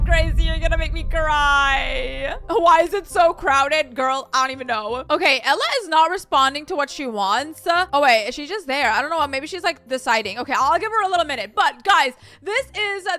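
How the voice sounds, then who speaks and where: A young woman hosts her own gaming video, chatting casually with viewers as she plays. Her voice sits very high and sounds bright and sparkly. She is bubbly and excitable, with frequent gasps and giggles. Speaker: gaming YouTuber. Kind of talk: casual gameplay commentary.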